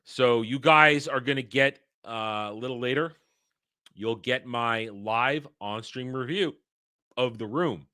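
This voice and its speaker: A man's voice: mid-range voice, takes it slowly, sharp tone, no room sound, studio quality. A man hosting his own livestream who talks bluntly and rambles, swears freely and often restarts his sentences. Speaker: livestream host. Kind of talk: casual livestream talk.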